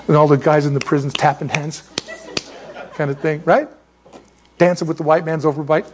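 A man preaching a sermon as a pastor, telling stories in an animated, joking way and laughing at his own asides. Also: a little high, fairly quick, slight background noise. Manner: animated, jokey storytelling with laughs.

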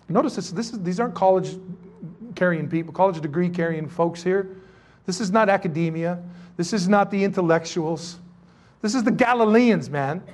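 Guy with a high voice preaching, jokey, keeps asking the room questions. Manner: animated, joking, asks rhetorical questions. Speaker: pastor. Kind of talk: sermon teaching to a congregation.

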